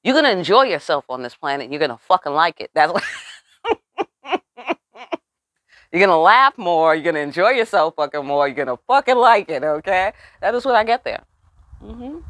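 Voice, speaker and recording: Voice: mid-range voice, fairly bright tone, no echo. Blunt, profane tarot reader, dry sound. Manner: profane, emphatic, streetwise; asks the listeners rhetorical questions. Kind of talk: casual spiritual reading.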